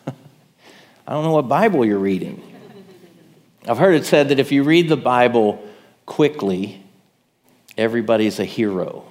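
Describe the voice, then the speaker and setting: A man's voice: medium pitch, animated, unhurried, pauses often, a little mellow, in a large hall. A man preaching a sermon in a conversational way, checking in with his listeners. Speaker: pastor.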